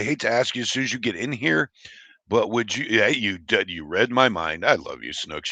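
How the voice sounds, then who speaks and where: A man with a low voice and a bright, forceful edge hosts a livestream in casual chat. He rambles and answers his chat, speaking bluntly and swearing freely. His voice sounds close and dry. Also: lively intonation, normal speed, no room sound. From Oregon. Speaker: livestream host.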